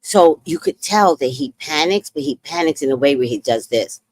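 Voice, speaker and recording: A woman hosting a podcast, recapping a reality show in a casual, animated way and acting out what people said. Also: low voice, moderate pace. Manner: animated, exclaims and acts out quotes. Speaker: podcast host.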